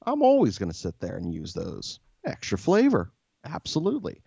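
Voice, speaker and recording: A man's voice: mid-range voice, huge pitch swings, normal speed, vocal fry, dark tone, breathy edge, dry recording, lo-fi sound. A man co-hosting a podcast, telling a story in a profane, exasperated rant. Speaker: podcast co-host. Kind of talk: casual storytelling.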